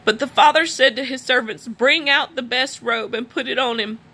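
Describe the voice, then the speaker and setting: A woman's voice: sits high, normal speed, pushed and bright. A woman reading a Bible passage aloud and praying, earnest and emotional, at times crying as she speaks. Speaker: scripture reader.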